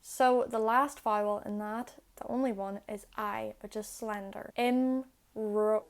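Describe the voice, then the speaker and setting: A young woman explaining grammar step by step, patient and clear, in a video lesson. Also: mid-range voice, fairly even intonation, a little slow. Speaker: Irish language teacher.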